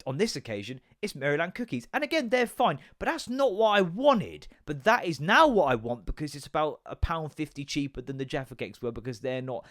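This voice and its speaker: An English man in his thirties hosting a podcast, ranting casually in an animated, sweary, sarcastic way. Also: fairly high pitch, a little fast, few pauses, no room sound, studio quality. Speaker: podcast host.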